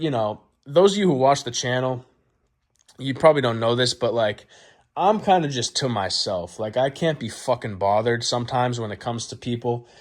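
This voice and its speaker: Foul-mouthed man telling a comic story. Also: mid-range voice. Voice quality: crude, boastful, heavy swearing. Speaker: vlog host. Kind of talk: profane comedic storytelling.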